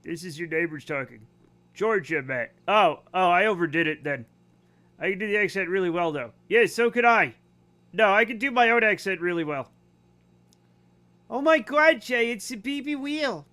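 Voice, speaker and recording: A man's voice: high voice, lively intonation, bright, forceful tone. A man live-streaming a game, chatting casually and cracking teasing jokes. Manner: joking, teasing, quick banter. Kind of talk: casual gaming stream chat.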